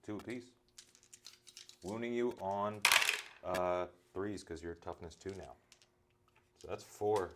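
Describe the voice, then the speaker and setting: A man playing a tabletop wargame on a live stream, briskly calling out dice rolls and rules in casual chat. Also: low voice. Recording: loud background noise.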